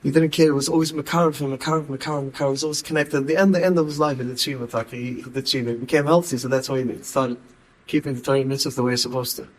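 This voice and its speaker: Guy telling stories, animated, says things twice for emphasis. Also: mid-range voice, rapid-fire, low-quality recording. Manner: animated, repeats words for emphasis. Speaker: speaker. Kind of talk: storytelling talk.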